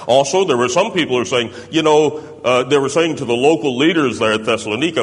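A man's voice: mid-range voice, fast talker. A man preaching a sermon, explaining step by step and checking in with tag questions like "doesn't it?". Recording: reverberant hall.

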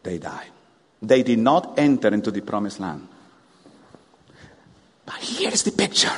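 A man preaching a sermon, animated, firing rhetorical questions at the congregation. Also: fairly low pitch, a little slow, long pauses, slightly rough. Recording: long hall reverb.

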